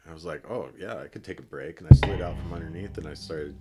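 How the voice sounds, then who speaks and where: A middle-aged man from Colorado, a podcast guest telling a long story in a relaxed, rambling way with many fillers and restarts. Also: a bass voice, fast, loud music behind the voice. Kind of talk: casual storytelling.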